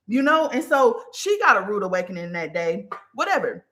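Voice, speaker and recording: A woman hosting a podcast, telling a personal story in a candid, profane, animated way. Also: medium pitch, moderate pace. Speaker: podcast host. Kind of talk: casual storytelling monologue.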